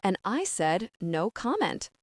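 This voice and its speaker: A woman reading the lines of a calm, composed businessman boyfriend in a measured, unruffled way. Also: mid-range voice, dry recording, clean studio sound.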